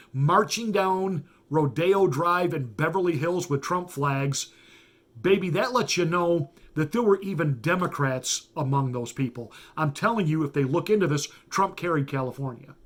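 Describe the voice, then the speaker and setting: A middle-aged pastor talks straight to his audience in a political monologue. He is emphatic and folksy, and he doubles words for stress. His voice sits a bit high for a man. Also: fairly bright tone. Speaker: pastor and commentator.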